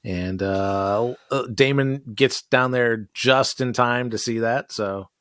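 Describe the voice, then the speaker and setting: A man's voice: medium pitch, slow, fairly bright tone, dry recording, clean studio sound. A man co-hosting a TV recap podcast, casually walking through the plot with wry asides and frequent laughs. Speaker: podcast co-host.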